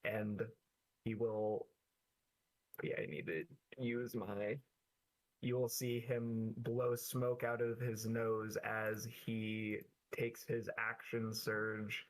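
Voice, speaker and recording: A man with a lowish voice plays a tabletop game over voice chat. He talks slowly and deliberately as he describes his character's moves. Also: little pitch movement, low-quality recording. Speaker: player.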